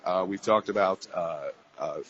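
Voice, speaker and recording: Radio host, Louisiana man, lowish voice, jovial and chatty, lo-fi AM sound. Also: normal speed, a bit bright. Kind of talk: live radio talk show hosting. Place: cigar shop, live remote broadcast. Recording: dull lo-fi radio broadcast.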